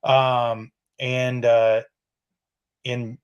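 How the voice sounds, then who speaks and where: A man's voice: mid-range voice, flat delivery, very slow, clean tone, dull audio. A male podcast guest explaining how roof insurance works, filling his sentences with "you know" and "um".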